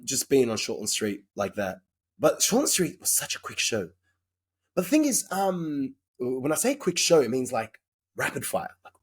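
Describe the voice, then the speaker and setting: A husky, slightly rough-voiced Australian man chatting as a podcast guest. He talks frankly and in loose, rambling stretches, dropping the odd swear word as he goes. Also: mid-range voice. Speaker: guest actor. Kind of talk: casual podcast interview chat.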